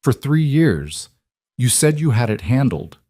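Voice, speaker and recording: A man's voice: medium pitch, big pitch swings, measured pace, warm tone, no room sound, studio quality, voice pushed up. A man voicing an anxious, meddling woman who is careful at first and then blunt. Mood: insistent.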